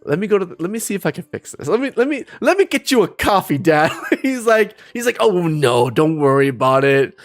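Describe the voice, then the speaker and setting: A man's voice: sits high, sing-song, quick pace, hardly any pauses, faint music behind. A young man casually telling a story on a live stream, rambling, restarting his sentences and laughing often.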